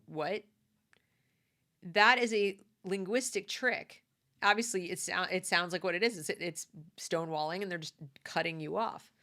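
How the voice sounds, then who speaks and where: A woman with a mid-range, sharp-toned voice gives a conversational opinion monologue as a commentator. She speaks emphatically and tends to repeat her points.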